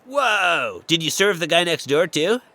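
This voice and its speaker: A man's voice: on the high side, sing-song, measured pace, pushed and bright, no echo, pitched above the performer's own voice, heavily acted. A man playing an adventurer disguised as a goblin, chatting in buddy-buddy slang. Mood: friendly.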